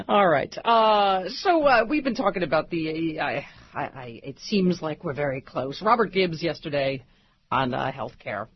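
A woman's voice: low-pitched, expressive, measured pace, slight background noise. A woman hosts political talk radio with a dry, sarcastic edge, working through the day's headlines and jabbing at them. The broadcast audio sounds a little dull and muffled. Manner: wry, sarcastic, reads news items aloud. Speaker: radio talk show host.

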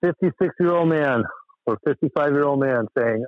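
A man calling in from Western Massachusetts, rambling and exasperated as he tells his story. His slightly high voice comes through a tinny phone line that sounds dry and close. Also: moderate pace, dry recording. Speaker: caller. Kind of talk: casual call-in chat.

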